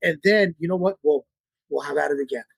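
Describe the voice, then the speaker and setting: A man's voice: fairly high pitch, fairly quick, gravelly, husky, no echo. A man, a dog trainer, talking casually and bluntly as an interview guest, swearing and repeating his points.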